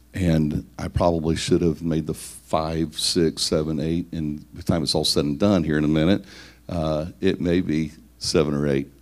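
Speaking in a very low, deep voice, a man delivers a leadership teaching talk to church leaders. He numbers his points one after another, throws rhetorical questions at his listeners, and keeps repeating words along the way.

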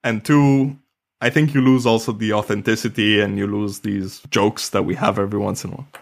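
A man co-hosting a podcast in casual chat, animated and laughing often, his voice jumping up in pitch when excited. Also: brisk, vocal fry. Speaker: podcast co-host.

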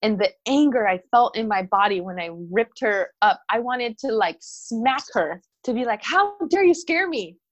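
A woman speaking in a relaxed conversation, telling a story with lively, animated delivery. She slips into the voices of the people she quotes. The recording sounds somewhat dull and lo-fi. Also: medium pitch, moderate pace, hardly any pauses. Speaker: mother of a toddler. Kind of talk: casual podcast conversation.

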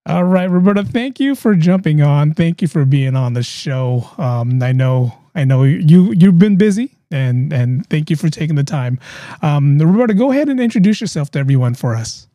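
A man's voice: on the high side, lively intonation, normal speed, mellow, no room sound. Male podcast host, chatty and friendly-sounding, dry close mic. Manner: upbeat, chatty, repeats himself. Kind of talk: live video interview.

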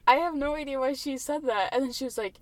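A woman's voice: sits high, fast talker. A young woman hosting a podcast from inside a car, chatting casually and rambling with lots of fillers and laughter. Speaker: podcast host. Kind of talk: casual chat.

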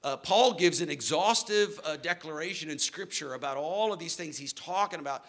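Guy pastor preaching, earnest, pushes into big emphatic lines, bright fairly high voice. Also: expressive, moderate pace. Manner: earnest, building to emphatic declarations. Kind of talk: sermon. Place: church hall.

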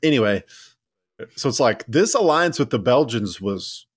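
A man co-hosts a casual history podcast in a husky, medium-pitched voice with lively intonation and a measured pace. He rambles, restarts often, says "like" a lot, and laughs at historical ironies. The recording is dry and studio quality.

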